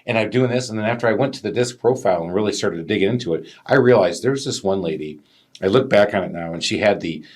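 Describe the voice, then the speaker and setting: A man co-hosting a casual business podcast, an animated storyteller who acts out customers' voices. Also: lowish voice, quick pace. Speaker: podcast co-host, business owner.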